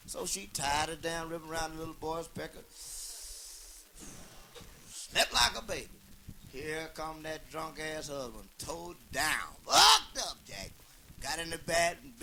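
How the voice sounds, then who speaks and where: Male comic storyteller, high bright voice, profane and folksy, faint hiss. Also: expressive, unhurried. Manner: profane, folksy, laid-back delivery. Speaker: comedian.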